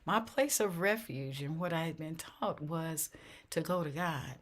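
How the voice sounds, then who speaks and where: An older woman with a somewhat low voice shares a personal testimony of faith in an interview. She speaks earnestly and repeats herself as she goes. Her voice rises and sinks with feeling. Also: measured pace. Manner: earnest, repeats phrases, voice swells and drops with emotion. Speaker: interview guest.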